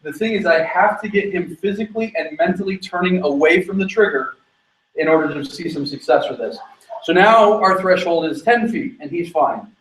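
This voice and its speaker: A man working as a dog trainer, explaining his method while giving quick commands to a dog during an on-location training demonstration. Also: high-pitched, fairly bright tone, roomy sound, distant mic, rough recording.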